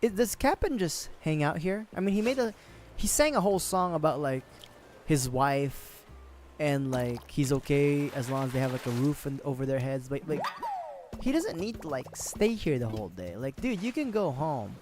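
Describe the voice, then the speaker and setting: A man's voice: on the high side, very animated, moderate pace, darkish tone, a little hiss or hum. A man streaming a video game, chatting casually and rambling, joking, swearing freely and laughing at himself. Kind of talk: casual gaming livestream chat.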